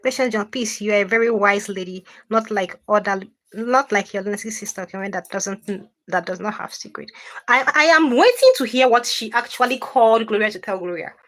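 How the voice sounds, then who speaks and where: A woman hosting a livestream, reading comments and answering with animated, indignant repetition. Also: mid-range voice, a little fast. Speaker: livestream host.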